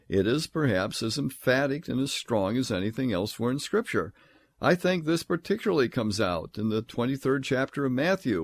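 A man giving a Bible lecture in an earnest way, slowing down and rising sharply on the points he stresses. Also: mid-range voice. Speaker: Bible teacher.

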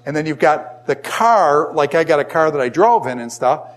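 A man's voice: on the high side, lively intonation, normal speed. Older man lecturing to a class. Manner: conversational, asks the class many questions. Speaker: teacher.

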